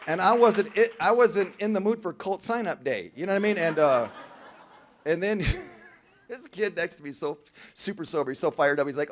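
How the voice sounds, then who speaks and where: A man telling a joke-filled story to a recovery meeting audience in a large hall, full of slang like "bro" and "man", dropping to a hush and then rising to loud shouting. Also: high-pitched, expressive, moderate pace, slight background noise. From Southern California. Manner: slangy, joking, calls the crowd "bro" and "man". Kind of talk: storytelling talk to a live audience.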